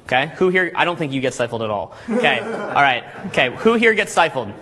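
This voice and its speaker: A man's voice: fairly high pitch, brisk, a crowd in the background. A man coaching a live seminar audience, talking energetically and quizzing the room. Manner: animated, energetic, audience questions.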